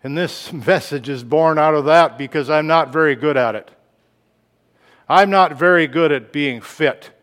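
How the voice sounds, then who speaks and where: A man preaching a sermon, moving from quiet reflective lines to loud emphatic outbursts, laughing now and then. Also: a little high, unhurried, long reverb tail. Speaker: pastor.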